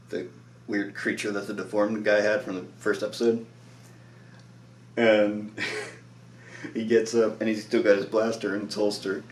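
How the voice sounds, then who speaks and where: A man with a somewhat low voice recaps a show episode in a loose, tired ramble full of "like" and little laughs. He sits well back from the mic in a bare, echoey room. A faint electrical hum runs under his voice. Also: far from the mic. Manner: rambling, lots of "like", laughs often.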